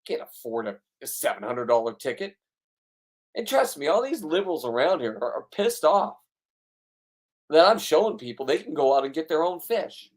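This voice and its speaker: A man narrating his own fishing video in a casual voice-over, blunt, boastful and full of swearing. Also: fairly high pitch. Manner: blunt, profane, ranting, boastful. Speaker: fishing vlogger.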